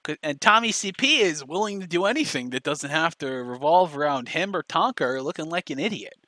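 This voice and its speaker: A man's voice: fairly high pitch, expressive, fairly quick, sharp tone, dry recording. Guy doing sarcastic commentary, mocking and sweary, dry close mic. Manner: sarcastic, mocking storytelling with profanity. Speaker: commentary YouTuber. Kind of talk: casual commentary.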